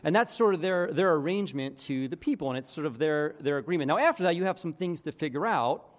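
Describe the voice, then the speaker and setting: A middle-aged man preaching as a pastor, telling a story in a casual, animated way with quoted voices. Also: fairly high pitch, fast, in a large hall. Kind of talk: conversational sermon storytelling.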